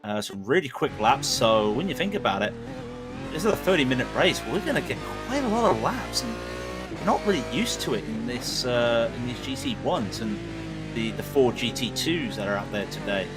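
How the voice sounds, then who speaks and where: A man co-commentating a live sim race, animated and tripping over his words. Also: medium pitch, moderate pace, over loud music.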